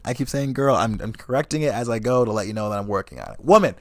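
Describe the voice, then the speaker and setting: A young man ranting about his dates with lots of swearing and a lively voice that swings up and down. He sits close to the mic, and the sound is dry and plain. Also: mid-range voice, a little fast, dry recording. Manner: animated, swears constantly, laughs mid-story. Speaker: vlogger. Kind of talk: profane comedic storytelling rant.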